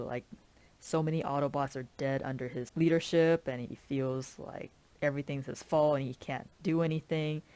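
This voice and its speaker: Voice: mid-range voice, darkish tone, clear, resonant tone. A film reviewer ranting casually, filling every sentence with "like" and sounding fed up with the movie's choices. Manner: rambling, heavy use of "like"; exasperated, complaining.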